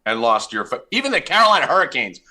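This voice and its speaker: A young man hosting a casual sports betting podcast, brash and profane, loudly ribbing his co-hosts. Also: medium pitch, big pitch swings, fast talker. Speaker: podcast host.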